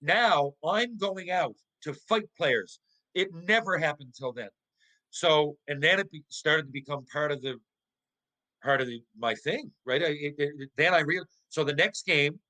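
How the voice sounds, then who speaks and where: A middle-aged man, a former pro hockey player and podcast guest, tells stories in casual conversation. He is animated and profane, restarts often and asks rhetorical questions. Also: a little high, rough recording.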